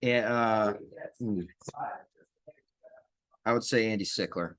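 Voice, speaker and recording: A young man, a college football player, answering interview questions in a relaxed, hesitant way. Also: on the low side, takes it slowly, clear, resonant tone, no echo. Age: young adult. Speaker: college football tight end, guest.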